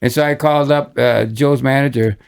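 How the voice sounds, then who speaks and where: Older man with a gravelly voice. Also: medium pitch, steady tone, moderate pace. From Michigan, USA. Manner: rambling anecdotes with many restarts and chuckles. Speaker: guest musician. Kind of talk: casual storytelling interview.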